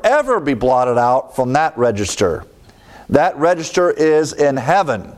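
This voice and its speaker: A man giving a verse-by-verse Bible lesson, explaining steadily and repeating key words for emphasis, growing more forceful when he presses a point. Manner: grows more emphatic and higher-pitched when driving a point home. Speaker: Bible teacher.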